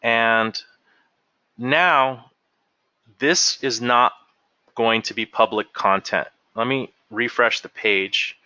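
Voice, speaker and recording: A man leading a software training webinar, explaining settings step by step as he clicks through them. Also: mid-range voice, slow, long pauses, clean tone, no echo. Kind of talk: screen-share software walkthrough.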